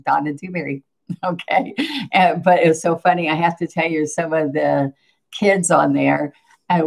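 A woman's voice: fairly low pitch, creaky. An older woman, hosting a casual live painting lesson, chatting and laughing as she greets viewers. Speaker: painting instructor hosting a livestream.

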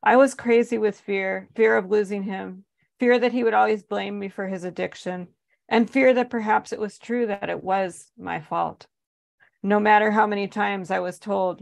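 A woman's voice: mid-range voice, fairly even intonation, normal speed, creaky, no room sound. A woman, an author, reading aloud from her own memoir in an earnest, emotionally charged way.

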